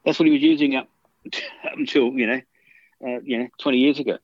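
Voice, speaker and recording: A man's voice: medium pitch, steady tone, fast talker, dry recording, lo-fi sound. A man, a guitarist, telling long casual anecdotes in an interview, full of restarts and fillers. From Australia. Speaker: guitarist guest.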